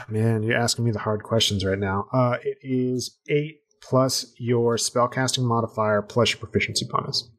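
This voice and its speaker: A man acts as game master for a tabletop game. He narrates scenes and rules in a relaxed, easygoing way, often pausing to search for words. His voice sits at an ordinary middle pitch. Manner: relaxed, chatty, hesitant with fillers while describing scenes.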